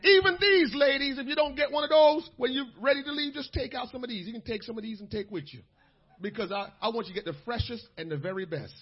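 A man with a strikingly high, husky voice preaches a sermon with fervor, dropping to a soft storytelling tone and then rising to shouts. His talk is full of "uh"s and repeated words. The recording sounds dull and lo-fi. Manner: fills pauses with "uh", repeats words.

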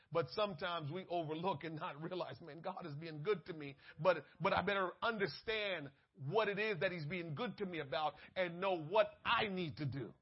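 A male preacher giving a sermon, swinging between loud exhortation and hushed asides, on a dull lo-fi recording. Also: high-pitched.

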